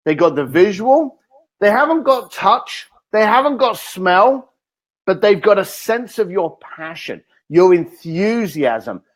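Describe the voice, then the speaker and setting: A man, a guest author in an interview, telling energetic stories and acting out the lines he quotes. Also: high-pitched, slow pace. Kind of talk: animated interview talk.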